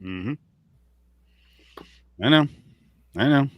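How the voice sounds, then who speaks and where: A man's voice: medium pitch, expressive, very slow, dry recording, lo-fi sound. A man co-hosting a podcast, rambling through casual sports talk with lots of fillers, restarts and swearing. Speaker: podcast co-host.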